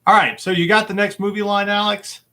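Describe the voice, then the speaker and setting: A man hosts a relaxed movie-quote game with a bright, ringing voice. He rambles along easily, padding his sentences with fillers and little chuckles. His tone stays informal and friendly throughout. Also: high voice, brisk. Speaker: game show host. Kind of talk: casual chat.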